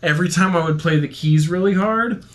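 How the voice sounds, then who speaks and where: A man's voice: sits high, a little fast. A young man co-hosting a podcast, telling a long story in casual chat, rambling and jokey, laughing often. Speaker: podcast co-host.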